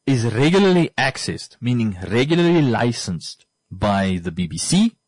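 A man's voice: medium pitch, sing-song, moderate pace, dry recording. Emphatic man, dry sound. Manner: rambling, emphatic, repeats points for effect. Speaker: podcast host. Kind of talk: casual monologue.

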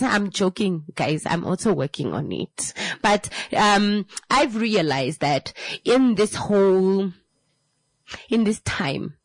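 A woman's voice: medium pitch, no echo. Chatty woman radio host. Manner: chatty, repetitive, laughs often, emotional. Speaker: radio talk show host. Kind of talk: casual radio chat. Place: radio studio.

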